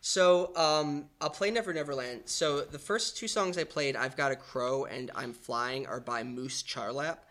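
Male podcast co-host, bright tone, earnest reader, a little hesitant. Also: mid-range voice, unhurried, hardly any pauses. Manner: earnest storyteller, hesitant with fillers. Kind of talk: casual chat and reading aloud.

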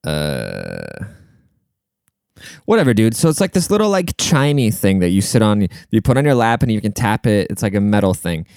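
Young man, low voice, smooth, swearing, sarcastic, rambling rant. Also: wildly swooping pitch, normal speed, a little mellow, dry recording, studio quality. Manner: looks things up mid-talk. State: short of breath at times. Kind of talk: casual rant.

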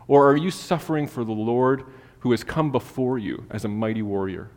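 A man's voice: mid-range voice, normal speed, a little mellow. A man preaching a sermon, telling a casual personal story full of fillers before turning to scripture. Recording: long hall reverb.

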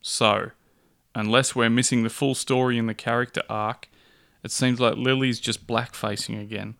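A man's voice: medium pitch, flat delivery, normal speed, vocal fry, a bit bright. A man co-hosting a podcast, casual with dry, wry remarks. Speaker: podcast co-host. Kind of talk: casual chat.

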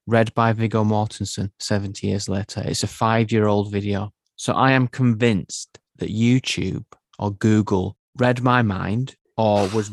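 Low-voiced man co-hosting a podcast. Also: dry recording, clean studio sound. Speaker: podcast co-host. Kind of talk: casual chat.

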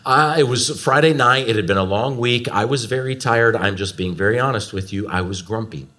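A man in his forties preaching a sermon, telling family stories with animated, swooping emphasis. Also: medium pitch, brisk. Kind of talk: storytelling sermon.

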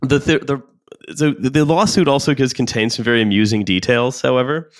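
A man with an ordinary mid-range voice, recorded close in a dry, dead room. He hosts a casual podcast discussion and talks in halting bursts full of fillers and restarts. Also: medium pitch, steady tone, no echo. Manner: hesitant, many restarts and fillers. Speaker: podcast host. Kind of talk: casual podcast discussion, reading out legal text.

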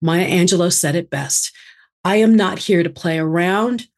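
Woman, speaker coach being interviewed; emphatic, expressive delivery with big swings in intonation. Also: lowish voice, normal speed. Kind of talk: interview answers.

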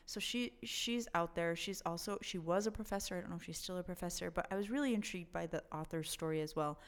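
A woman's voice: lowish voice, fast talker. A woman co-hosting a casual book chat, talking enthusiastically in a rambling way.

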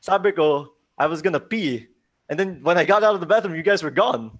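A young man telling a ghost story to friends in casual chat, animated and acting out the voices of the people in it, with many restarts. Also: a little high, fairly quick. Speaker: storyteller on a group chat show.

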